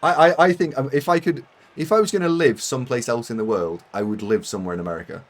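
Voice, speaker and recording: A man's voice: medium pitch, quick pace. A British man chatting casually to his viewers while streaming a game, rambling and self-mocking with frequent laughs. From United Kingdom. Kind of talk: live-stream chat while gaming.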